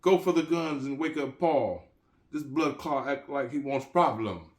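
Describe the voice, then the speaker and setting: A man's voice: mid-range voice, slow, pitched above the performer's own voice, close to an everyday voice. A man voicing a suspicious, sleepy-eyed male Jamaican weed dealer in a put-on patois. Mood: alarmed.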